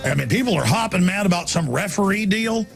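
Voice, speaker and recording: A man hosting a talk radio show, delivering an impassioned ranting monologue that swings from shouts down to low murmurs. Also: expressive, a little fast, vocal fry, soft background music.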